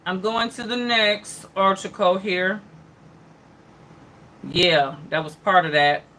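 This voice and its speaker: Reading out headlines on her online news hour, a woman reacts in a loose, chatty style, with many mm-hmms, asides to viewers and replies to them by name. Her mid-range voice is fairly even, slow, bright and forceful, with slight background noise.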